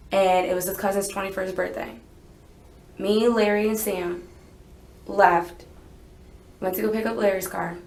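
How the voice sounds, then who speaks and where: A young woman telling a police interviewer what happened, rambling and unsure, hedging her memory as she goes. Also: medium pitch. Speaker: witness being interrogated. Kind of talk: recounting events in a police interview. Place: interrogation room. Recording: echoey interview room.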